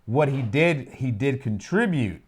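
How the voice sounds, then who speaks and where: A man's voice: medium pitch, expressive, unhurried, breathy edge. A man co-hosting a reaction video, speaking casually with dry joking asides. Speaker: co-host of a reaction channel.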